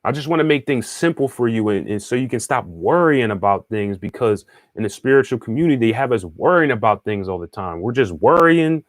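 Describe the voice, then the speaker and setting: A man's voice: medium pitch, expressive, a little fast, hardly any pauses, dry recording. Chatty man teaching in a dry voice. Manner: conversational, often checks in with the listener; repeats and restarts phrases while thinking aloud. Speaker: spiritual teacher and astrologer. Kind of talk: casual teaching monologue, answering viewer questions.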